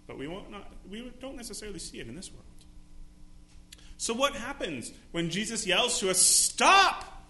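A man's voice: sits high, sing-song, normal speed, pushed and bright, reverberant, a little hiss or hum. A male pastor preaching a sermon, acting out quotes with dramatic voices. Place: church sanctuary.

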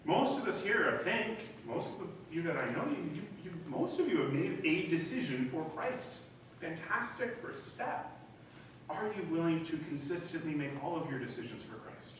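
A middle-aged man preaching a sermon as pastor, animated and acting out voices in the quoted dialogue. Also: fairly high pitch, normal speed. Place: church hall. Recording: echoey room from a distance, faint noise.

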